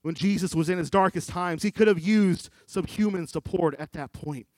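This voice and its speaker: A man preaching a sermon, quoting scripture and swinging from loud pleading to hushed, low delivery. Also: normal speed, no echo. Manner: quotes scripture in King James wording.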